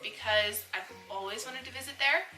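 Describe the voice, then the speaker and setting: A young woman hosting a casual vlog, chatty and quick to laugh. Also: on the high side, bright, forceful tone. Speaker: vlogger host. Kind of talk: casual chat. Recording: echoey room with faint music.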